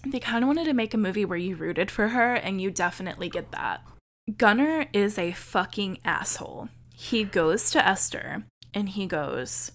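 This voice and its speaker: A woman co-hosting a podcast, recapping a horror film in a chatty, profane, animated storytelling way. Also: mid-range voice, normal speed. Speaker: podcast co-host.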